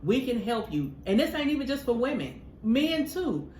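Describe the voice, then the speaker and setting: A woman's voice: a little high, very animated, moderate pace, a little mellow. A woman co-hosting a podcast, talking in a casual, heartfelt way, emphatic and preacherly, calling listeners "honey". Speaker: podcast co-host. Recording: echoey room with faint noise.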